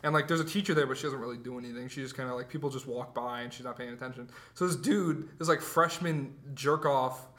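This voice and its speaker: A teenage guy in casual chat, animated and swearing, acting out what people said. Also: medium pitch, fast, few pauses. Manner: animated, swears a lot, acts out quotes.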